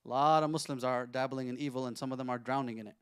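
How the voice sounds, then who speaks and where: A man teaching a Quran class who speaks at a brisk, rapid clip. He keeps the lesson conversational, throwing questions out to his listeners and running through Arabic verses quickly. His voice sits at an ordinary middle pitch. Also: steady tone, clean tone, no room sound, clean studio sound. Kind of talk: interactive religious lesson.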